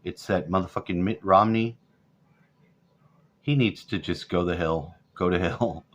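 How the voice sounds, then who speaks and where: Man over forty, low voice, profane sarcastic rant, dull lo-fi sound. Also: measured pace. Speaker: vlogger. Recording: dull lo-fi audio.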